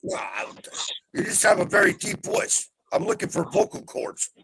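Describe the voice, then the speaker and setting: A man's voice: huge pitch swings, normal speed, vocal fry, fairly bright tone, husky. A middle-aged man bantering casually on a live stream, joking and swearing. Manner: swearing, joking, wild pitch jumps.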